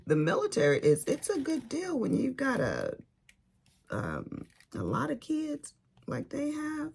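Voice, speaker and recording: A woman's voice: high voice, wildly swooping pitch, unhurried, creaky, darkish tone, husky. An older woman from California chatting casually as she works on a craft, telling family stories in a loose, informal way. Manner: chatty storyteller, informal grammar. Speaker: crafting vlogger. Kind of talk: casual chat while crafting.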